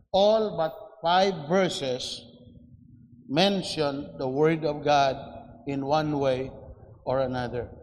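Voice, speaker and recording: A man preaching a sermon in a church, slow and deliberate, with frequent restarts and fillers. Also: fairly high pitch, darkish tone, slight background noise. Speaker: pastor. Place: church sanctuary. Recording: echoey church hall.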